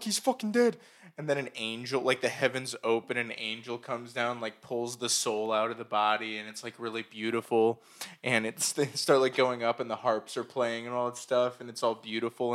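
Medium in pitch and fairly bright, this young male podcast co-host keeps the casual chat loose and jokey, cursing freely along the way.

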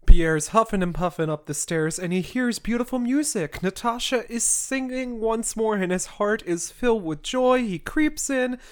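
A podcast host walks through a long classic novel in a loose comedic recap. The delivery is mid-pitched and chatty, and it breaks off often for sarcastic asides and roast jokes. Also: normal speed, hardly any pauses.

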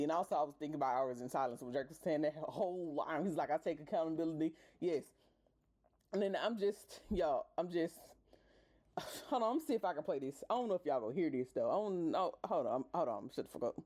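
A woman's voice: lowish voice, brisk, dark tone. A woman hosting a podcast, ranting casually and profanely with exasperated bursts of laughter. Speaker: podcast host.

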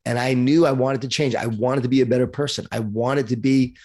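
A middle-aged man from Long Island, New York, a guest author telling his life story in an interview with lively, self-deprecating humor. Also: medium pitch, fairly quick.

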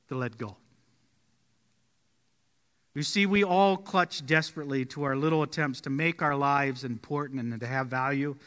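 A male pastor preaching in a church sanctuary with a very bright, ringing tone and a fairly high voice. He tells stories and falls quiet and slow on his main points. The sanctuary adds a long, trailing reverb. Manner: storytelling, drops quiet and slow on key points. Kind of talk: sermon.

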